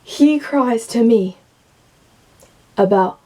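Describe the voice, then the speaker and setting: A woman's voice: on the high side, unhurried, warm tone. Emotional, candid young woman venting. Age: late teens. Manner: emotional, candid, swears freely. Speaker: vlogger. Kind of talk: venting to camera.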